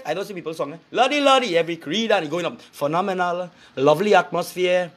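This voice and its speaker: A man's voice: sits high, fast talker, fairly bright tone. A man with a Trinidadian accent giving a crude, preachy rant, breaking into sing-song chants. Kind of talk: profane rant to camera.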